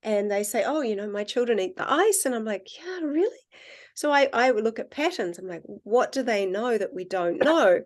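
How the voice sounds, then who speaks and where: A woman guest in casual conversation, telling animated stories and acting out the dialogue. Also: a little high, a little fast, few pauses. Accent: non-American accent, self-described. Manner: animated storyteller, acts out quoted dialogue. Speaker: guest, water researcher.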